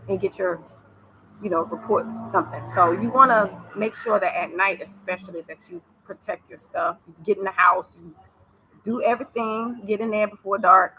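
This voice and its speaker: With background noise behind her medium-pitched voice, an American woman based in East Africa offers casual advice in her vlog. She chats repetitively and laughs easily.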